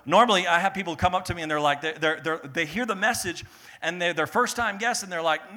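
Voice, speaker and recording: A young adult pastor delivers a sermon in a high-pitched voice, talking fast, animated and laughing. He rises to loud peaks and then drops into a soft, earnest tone.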